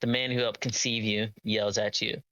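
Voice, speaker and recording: A man's voice: fairly low pitch, level tone, moderate pace, a bit bright, no room sound, rough recording. A man narrating as game master of a tabletop game, hesitant with many ums and uhs.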